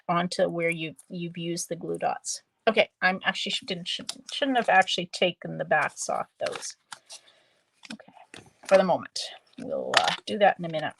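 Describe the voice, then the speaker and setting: A woman demonstrating card-making on a live stream, chatting slowly and thinking aloud as she works. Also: on the low side, fairly bright tone, slight background noise. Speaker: stamping demonstrator.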